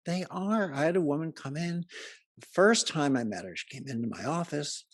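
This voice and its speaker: A man's voice: on the high side, lively intonation, normal speed, no echo, clean studio sound. A man giving a humorous talk to a live audience, telling chatty anecdotes and jokes and laughing at his own stories. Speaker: speaker presenting to a live audience. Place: live event before an audience.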